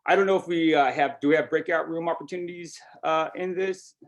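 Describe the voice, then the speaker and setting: A man's voice: a little high, fairly even intonation, fairly quick. A middle-aged man presenting a workshop over a video call in a conversational way, often adding "you know" and "right?".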